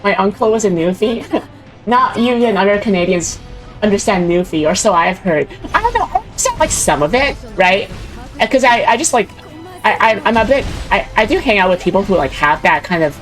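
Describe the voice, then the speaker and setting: A young woman streams a game, her voice sitting at an ordinary pitch as she rambles and giggles. Game music plays faintly underneath her. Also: big pitch swings, brisk, poor audio. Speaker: VTuber streamer. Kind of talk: casual chat while gaming.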